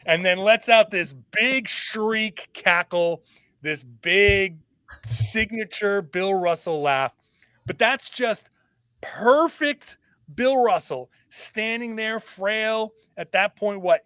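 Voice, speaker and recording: Guy on a sports podcast, fairly high voice, really into the story, dry close sound. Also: slow, clean tone, dry recording. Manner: animated storytelling. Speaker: podcast guest, fellow host. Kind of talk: casual sports podcast discussion.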